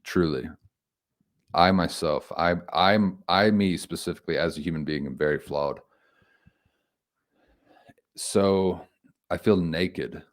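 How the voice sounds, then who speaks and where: A man giving an informal Bible commentary, reflective and halting, thinking aloud with frequent restarts. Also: sits low. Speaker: homily speaker.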